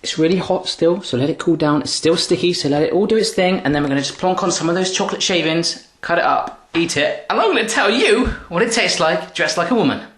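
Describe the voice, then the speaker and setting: Fast-talking cheeky man in an echoey kitchen. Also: sits high, expressive, fairly bright tone. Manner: cheeky, chatty, playful asides. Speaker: cooking vlogger. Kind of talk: jokey cooking video chat. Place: home kitchen.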